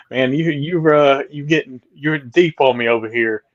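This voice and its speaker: Halting, relaxed podcast host man. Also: medium pitch, no room sound, dull audio. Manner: relaxed, halting, many fillers. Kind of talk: casual interview chat.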